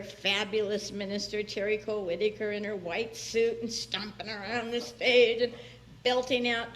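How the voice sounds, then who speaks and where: A woman minister gives a chatty, personal sermon. Her pitch sits in the middle, and she often laughs and acts out the people she quotes. Faint room noise lingers behind her. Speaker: guest minister. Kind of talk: conversational sermon. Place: church sanctuary.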